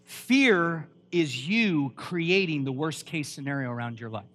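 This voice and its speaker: A man preaching a lively sermon at a church, emphatic and quizzing the congregation with questions. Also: on the high side, a little slow. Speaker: pastor.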